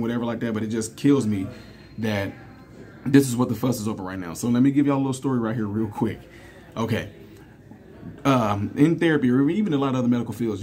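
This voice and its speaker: A man's voice: mid-range voice, warm tone, a little hiss or hum. A man in his thirties talking casually to viewers in a commentary vlog, telling stories with fillers and laughing often. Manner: conversational, storytelling, laughs often, many fillers. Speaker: commentary vlogger.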